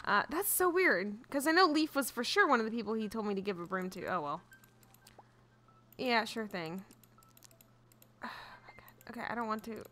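A young woman rambling cheerfully through a farming game, giggly and quick to get flustered. Her voice is bright and sits fairly high, swinging widely in pitch. Soft background music plays under her chatter. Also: animated. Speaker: gaming YouTuber. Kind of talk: casual let's-play commentary.

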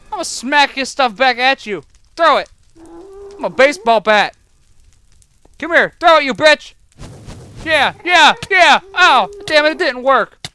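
High, bright, panicky gameplay yeller. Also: expressive, measured pace, long pauses. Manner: panicky, yelps and swears at enemies; talks to the creatures in the game. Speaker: let's-play gamer. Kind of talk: excited gameplay commentary.

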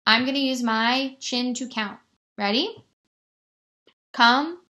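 A woman teacher giving a remote lesson to young children, stretching words out slowly and encouraging them. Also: a little high, fairly even intonation, bright, forceful tone. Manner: slow, exaggerated word-stretching, encouraging.

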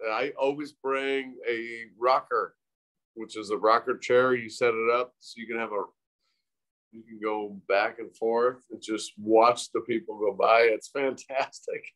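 A man talks as a guest in a relaxed interview, cracking jokes and teasing the host. His pitch sits in an ordinary middle range, and his manner is easygoing and chatty. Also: a little slow. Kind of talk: casual interview chat.

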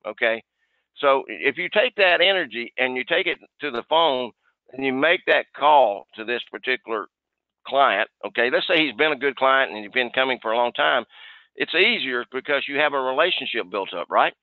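A man leads a sales training call, pushing his team with folksy energy and frequent repeats. His voice comes through a tinny phone line. The sound is dry, with a middle pitch. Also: animated, moderate pace, no room sound. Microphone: conference call line.

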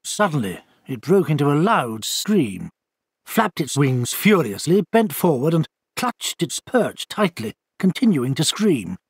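A man reading a ghost-story style audiobook in measured, expressive storytelling narration. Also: on the high side, breathy edge, dry recording, studio quality.

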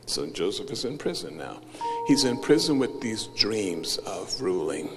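A man's voice: mid-range voice, very animated, normal speed. Preaching bishop, man, in a reverberant hall. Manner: acts out biblical characters, swings from hushed to shouting. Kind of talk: sermon. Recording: live hall with loud music behind.

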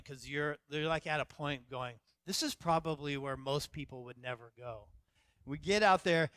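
A middle-aged man preaching a sermon as pastor, telling a story with animated self-quotes and then dropping to quiet emphasis. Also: a little high, dry recording. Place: church stage.

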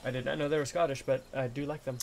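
A man's voice: medium pitch, little pitch movement, fast, gravelly, a little mellow, a little hiss or hum. A man chatting casually with a friend while playing a game, in an easygoing way. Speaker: gamer. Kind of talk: casual chat while gaming.

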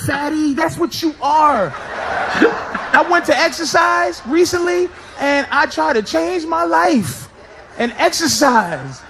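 High, shouting stand-up comedian. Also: male voice, expressive, slow pace, background noise. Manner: loud, shouting punchlines, laughing mid-sentence. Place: stage before a live audience. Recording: live show with loud crowd laughter.

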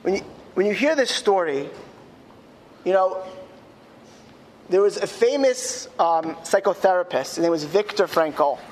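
A man, a rabbi, telling a story in a speech to school students. He slows down emphatically on key words. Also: high voice, animated, big-room sound, a little hiss or hum. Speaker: rabbi giving a talk at a school. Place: school hall.

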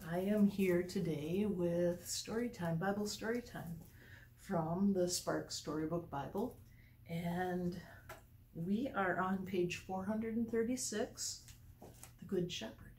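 Slow expressive woman storyteller. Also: lowish voice, a little hiss or hum. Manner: slow, expressive reading aloud. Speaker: church story time reader. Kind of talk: children's Bible storybook reading.

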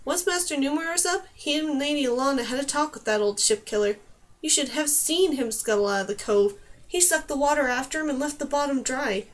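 A woman's voice: high-pitched, brisk, lightly acted. Woman reading as a chatty young girl. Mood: cheerful. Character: cheerful young girl, a stable helper.

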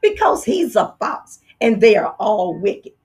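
A woman voicing a kindly, careful male mouse dentist in a storybook read-aloud, speaking high, firm and precise. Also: very animated, measured pace, a little mellow, husky, full character voice.

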